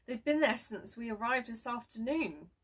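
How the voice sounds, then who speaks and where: A man's voice: very high voice, animated, moderate pace, fairly bright tone, breathy edge, distant mic, voice pushed up, heavily acted. A woman playing a timid flippered sideshow man. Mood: anxious. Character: timid flippered male sideshow performer, easily frightened.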